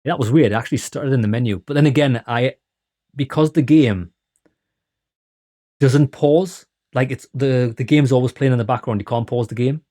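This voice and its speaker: A man giving excited, chatty commentary on a game he is playing, talking to viewers as lads. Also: mid-range voice, moderate pace. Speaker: let's play host. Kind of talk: casual gameplay commentary.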